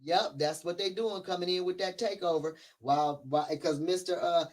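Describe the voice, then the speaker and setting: A woman co-hosting a casual community podcast, talking in an animated, mocking way. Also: lowish voice, moderate pace. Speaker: podcast co-host.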